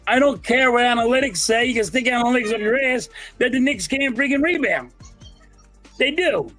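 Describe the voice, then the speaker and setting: A man's voice: very high voice, lively intonation, brisk, sharp tone, faint music behind. A man co-hosting a casual sports debate, making insistent, emphatic predictions. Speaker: co-host.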